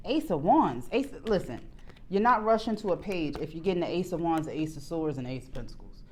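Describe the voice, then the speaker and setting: Animated, cursing woman reading tarot cards. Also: fast talker. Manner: candid, swears freely, bursts into laughs; animated, jumps between soft low asides and loud excited exclamations. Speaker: tarot reader. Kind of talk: casual tarot reading to camera.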